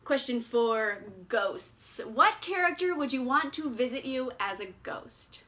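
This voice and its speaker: Young female book vlogger, high and bright, casual and blunt with some cursing. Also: slow pace. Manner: animated, blunt and swears freely. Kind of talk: casual book review chat.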